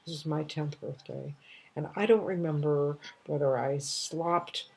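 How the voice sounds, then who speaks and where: A woman in her eighties telling a personal story at home, in a halting way with restarts and soft trailing phrases. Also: sits low, gravelly, husky. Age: 80s. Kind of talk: casual storytelling monologue.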